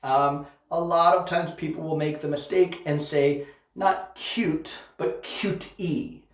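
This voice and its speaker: A man's voice: a little high, steady tone, measured pace. A man teaching English in a recorded online lesson, explaining patiently step by step and often checking in with "okay?". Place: Korea. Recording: echoey room, muffled sound.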